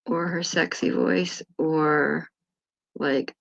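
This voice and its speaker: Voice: mid-range voice, fairly even intonation, measured pace, vocal fry, long pauses, highs cut off. A livestream host chatting casually, rambling and distracted, swearing offhand while sorting out links. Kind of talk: casual commentary chat.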